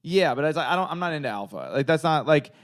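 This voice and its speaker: A man's voice: on the high side, lively intonation, quick pace. A man in his thirties co-hosting a podcast, joking loosely with lots of filler words. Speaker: podcast co-host. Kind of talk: casual chat.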